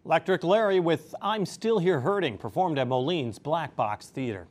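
A man's voice: fairly high pitch, moderate pace, over music. A man hosting a local TV segment, introducing and interviewing a guest in an upbeat, conversational way. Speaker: local TV host.

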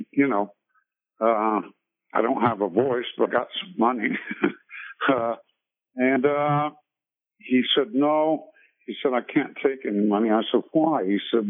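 An older singer being interviewed, telling a long story with many fillers and restarts. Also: male voice, mid-range voice. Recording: tinny phone-line radio call.

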